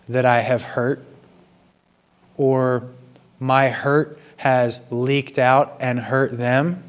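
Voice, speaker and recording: Earnest guy talking slow about his regrets, middle pitch, gym. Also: level tone, clean tone. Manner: earnest, apologetic, slow and measured. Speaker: vlogger sharing personal confessions. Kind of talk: reflective personal monologue.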